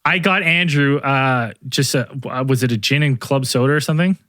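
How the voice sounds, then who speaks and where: A man's voice: mid-range voice, fairly quick, fairly bright tone, dry recording, clean studio sound. A man co-hosting a podcast, telling a drinking story in loose, rambling casual chat with lots of swearing and restarts. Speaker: podcast co-host.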